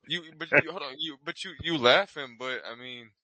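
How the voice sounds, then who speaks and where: A man's voice: a little high, bright, forceful tone, rough recording. A man on a podcast arguing sports in a casual debate, often stumbling and restarting his words. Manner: rapid, stumbling restarts when pressed. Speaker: podcast host.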